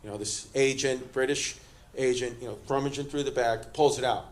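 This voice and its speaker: A man doing stand-up, brashly teasing audience members in rapid-fire crowd work. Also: medium pitch, steady tone. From Queens, New York. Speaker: stand-up comedian. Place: comedy club stage. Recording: comedy club with loud laughing crowd.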